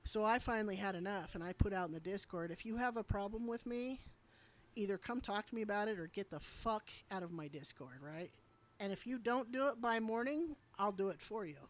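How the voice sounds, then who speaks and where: A woman's voice: mid-range voice, animated, brisk. A woman variety streamer telling a story to her chat in a blunt, heated way, swearing freely.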